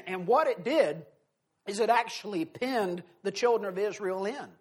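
A man preaching a sermon, reading scripture aloud and explaining it in an earnest, emphatic way, slowing down and swelling on key phrases. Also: sits high, expressive, slightly rough.

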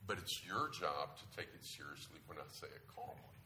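A man voicing a calm, firm mother who quietly explains new rules to her son, in a measured way. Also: a bass voice, echoey room, background noise, pitched below the performer's own voice, heavily acted.

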